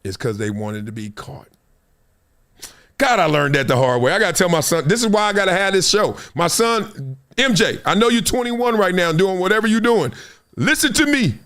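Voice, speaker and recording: A man's voice: sits high, lively intonation, moderate pace, fairly bright tone. A fifty-year-old man hosting a podcast, telling slangy stories, acting out the voices in them and laughing often. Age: 50s. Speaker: podcast host. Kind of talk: animated storytelling.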